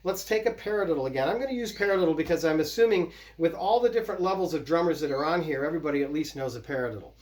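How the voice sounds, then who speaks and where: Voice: mid-range voice, animated, rapid-fire, hardly any pauses. A drum teacher giving a casual, explanatory lesson and counting out patterns while playing. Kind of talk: casual instructional demo. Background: loud snare drumming.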